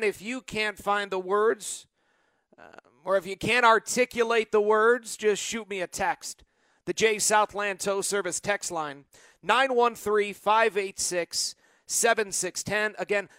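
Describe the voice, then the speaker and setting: A man hosting a postgame sports radio show, talking excitedly and animatedly about the win and taking calls from a studio microphone. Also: high-pitched, dry recording. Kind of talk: postgame call-in show talk.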